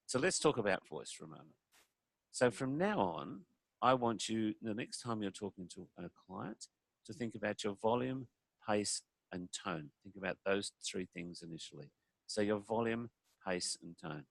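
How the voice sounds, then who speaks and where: Deep-voiced man, gravelly, dry close sound, talking to a room about communication. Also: animated, normal speed, dry recording. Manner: conversational, demonstrates voices while explaining. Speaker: speaker on communication. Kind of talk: presentation talk.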